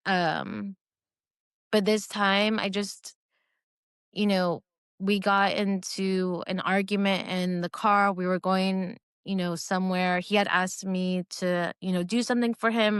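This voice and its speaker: This woman is a guest sharing a personal faith testimony as casual storytelling, hesitant and emotional, with many fillers and restarts. She sounds earnest, speaking in a mid-range voice with a level tone and measured pace. Her tone is clear and resonant, and the studio sound is clean with no echo.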